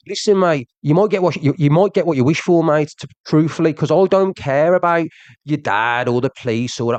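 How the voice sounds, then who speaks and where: A young male social media streamer rants heatedly at his audience, his fairly high, slightly mellow voice captured in a dry recording. He's agitated and repetitive, pressing listeners with questions and repeatedly asking "do you understand."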